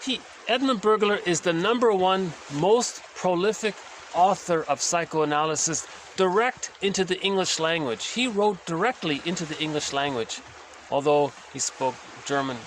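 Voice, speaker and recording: A man's voice: sits high, normal speed, fairly bright tone, slight background noise. A man casually explaining psychoanalytic ideas, conversational and often checking in with his listeners. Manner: conversational, self-correcting, checks in with "right?". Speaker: teacher.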